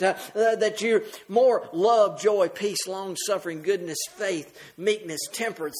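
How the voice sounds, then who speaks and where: High voiced preacher guy reading bible verses then explaining, gets louder on the verses, trails off soft. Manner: reads scripture aloud and explains it, addresses the congregation; rises in pitch and volume on scripture, drops soft and slow at phrase ends. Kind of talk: sermon.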